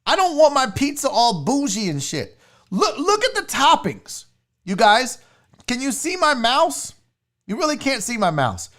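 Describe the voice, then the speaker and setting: A woman's voice: high-pitched, wildly swooping pitch, a little slow, fairly bright tone. A woman hosting a casual livestream chat, blunt, profane and mocking as she reacts. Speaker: sports show host.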